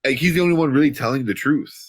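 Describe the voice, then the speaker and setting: A man's voice: mid-range voice, racing, no room sound. A man co-hosting a casual movie review chat, rambling with lots of fillers and retelling scenes in quoted dialogue. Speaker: podcast co-host.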